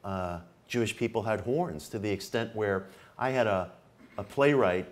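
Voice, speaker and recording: A man's voice: lowish voice, moderate pace. A man giving a public lecture in an earnest way, repeating key phrases for emphasis, with occasional hesitant fillers. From New York, United States.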